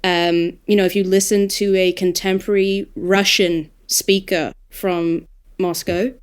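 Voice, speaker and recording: An Australian woman, a podcast guest, talking in a casual, animated, thoughtful way and laughing now and then. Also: lowish voice, measured pace, clear, resonant tone. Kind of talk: casual panel discussion.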